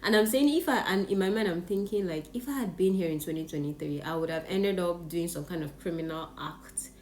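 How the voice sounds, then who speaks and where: A woman's voice: lowish voice, a little fast, a little mellow. A Nigerian woman with a Nigerian English accent, animatedly telling a personal story on her vlog with plenty of laughter. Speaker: vlogger. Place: Japan.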